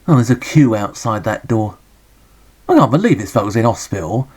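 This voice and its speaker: A man's voice: on the low side, big pitch swings, normal speed, darkish tone, husky. An English man giving a sarcastic, grumbling, joke-filled running commentary as he reviews a retro game.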